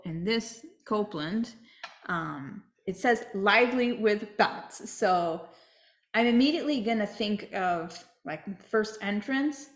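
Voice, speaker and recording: Woman flute teacher, echoey room. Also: mid-range voice. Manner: explains step by step, checks in with "right?". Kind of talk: masterclass teaching.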